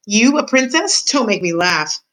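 A woman's voice: medium pitch, big pitch swings, measured pace, a bit bright, voice pushed up. A woman reading aloud and voicing a stern, humorless head servant who scolds a maid. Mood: scolding. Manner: scolding, roaring.

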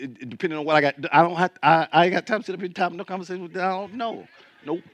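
Bright, high-voiced male pastor preaching. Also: steady tone, rapid-fire. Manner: colloquial, joking preaching to a congregation. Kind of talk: sermon.

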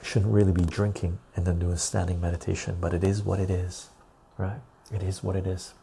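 Hosting a soft-spoken ASMR live stream, a man slowly and quietly reads song lyrics sent in by viewers, his voice turning rough and cracking. He sits low with a level tone, and there's slight background noise.

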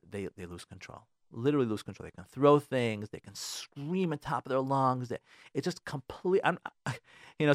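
A man hosting a radio advice show, lecturing listeners in a casual, animated way, repeating phrases and acting out what spouses say. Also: medium pitch, dry recording, clean studio sound. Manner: animated, repeats himself, acts out spouses' complaints. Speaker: radio show host giving relationship advice.

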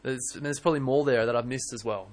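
A young man preaching a sermon in church, earnest and animated, often restarting his words. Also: mid-range voice, fast talker. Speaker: pastor.

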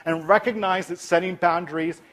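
A man whose voice sits high talks a little fast, explaining de-escalation as a clinician in an upbeat way. Many times he drops to a gentle, calm tone to demonstrate replies.

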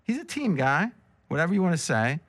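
A man's voice: a little high, very animated, a little fast, fairly bright tone. A man hosting a casual sports betting talk show, joking and teasing his guests with rambling asides. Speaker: host.

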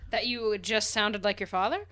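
A woman co-hosting a podcast in casual chat, teasing with quick quips. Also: medium pitch, bright, forceful tone. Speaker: podcast co-host.

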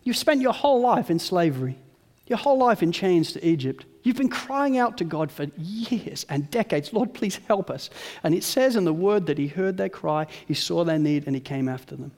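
A man preaching a sermon, animated, who acts out the grumbling voices of the people in his story. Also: on the high side, moderate pace, in a large hall. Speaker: pastor.

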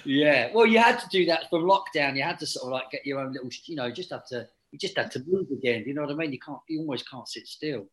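Animated man, slightly high voice. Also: fast talker, few pauses. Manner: animated, laughing, rambling restarts. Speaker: actor guest. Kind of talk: casual chat.

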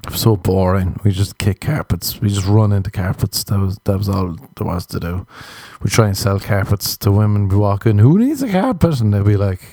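A young Irish man tells crude, rambling comic stories in a casual monologue. His voice sits a little low and sounds mellow, and the recording is dry and close. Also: flat delivery, fairly quick, few pauses, no echo. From Ireland. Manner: rambling, crude, jokey storytelling with laughs.

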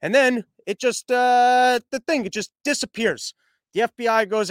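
A man's voice: very high voice, normal speed, dry recording, clean studio sound. A young man hosting a news commentary podcast, rambling and sarcastic, mocking the stories and reading sponsor ads.

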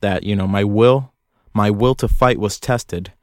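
A man's voice: lowish voice, measured pace, dry recording, clean studio sound. A young man hosting a solo podcast from a closet, rambling in a profane, self-mocking, jokey way. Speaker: podcast host. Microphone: close studio mic.

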